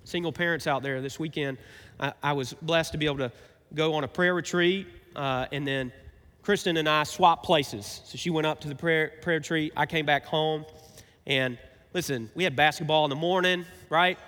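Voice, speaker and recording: A man's voice: a little high, normal speed, a bit bright, in a large hall. A man preaching a sermon as pastor, talking conversationally and asking his listeners rhetorical questions.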